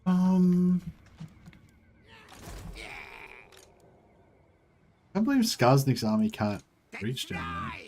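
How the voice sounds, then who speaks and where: A man's voice: high voice, wildly swooping pitch, very slow, pauses often, darkish tone, slight background noise. A man streaming a strategy game, rambling casually, chatting with viewers and swearing now and then. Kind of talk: casual livestream commentary.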